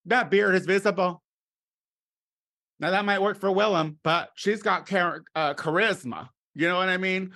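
A middle-aged man delivering a crude comedic monologue, campy and animated, swinging between loud exclamations and low muttered asides. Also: moderate pace.

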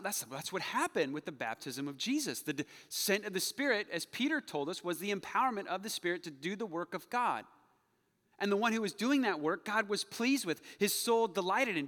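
Animated preacher man in a reverberant hall. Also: high-pitched. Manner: playful, mocking voices when quoting. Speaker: pastor. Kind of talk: sermon.

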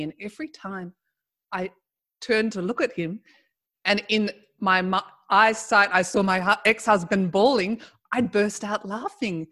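Middle-aged woman guest, animated storyteller who laughs through her tale. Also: medium pitch. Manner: animated, laughs while telling. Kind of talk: storytelling in casual conversation.

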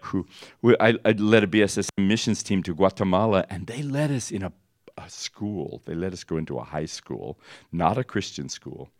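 A middle-aged American man teaching a ministry school class, telling stories with laughter and pitch leaps at the high points. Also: moderate pace, dry recording, clean studio sound. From United States. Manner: animated storytelling, laughing, voices jumping high for the climaxes. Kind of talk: storytelling sermon. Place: teaching room with an audience.

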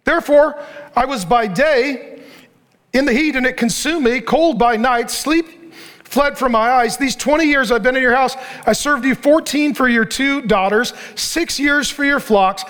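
A middle-aged man preaching a sermon, animated and joking, acting out the people he reads about. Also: very high-pitched, moderate pace. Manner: animated, joking, acts out the characters' lines; preaching to a laughing audience. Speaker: pastor.

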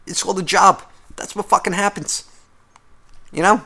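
A man's voice: sits high, fairly even intonation, normal speed, sharp tone, breathy edge. Profane, sarcastic man ranting. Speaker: podcast host. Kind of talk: comedic rant.

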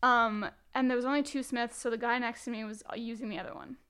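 A young woman with a high-pitched voice tells a gym story as a podcast guest. She acts out what people said and swears freely in relaxed, casual chat. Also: quick pace, clear, resonant tone. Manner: animated storytelling with acted-out quotes, swearing freely.

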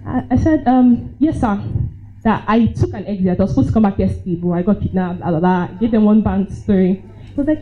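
A woman's voice: mid-range voice, brisk. A young woman with a Nigerian accent telling a personal story at a live event, laughing often and acting out her own reactions. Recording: dull lo-fi live recording.

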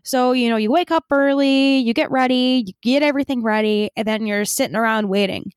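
A woman co-hosting a casual fan podcast, animated and ranting, swearing often and filling her talk with "like". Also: fairly high pitch, a little fast, smooth, dry recording, clean studio sound. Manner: animated, swears a lot, many "like" fillers. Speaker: podcast co-host.

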